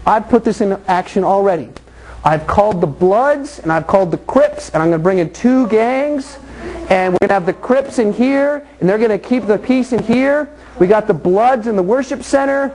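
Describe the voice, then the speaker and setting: A man's voice: high-pitched, lively intonation, moderate pace, darkish tone, rough recording. A man preaching a casual, joking sermon to a youth group, acting out little scenes with people from the group. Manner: joking, illustrates with acted scenes from the congregation. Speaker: youth pastor.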